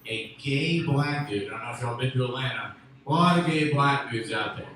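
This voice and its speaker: Rambling stand-up comic in an echoey room. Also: male voice, mid-range voice, normal speed. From Memphis, USA. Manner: rambling, self-interrupting, loud bursts on punchlines. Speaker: stand-up comedian. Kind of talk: stand-up comedy set. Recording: echoey room with faint ambient noise.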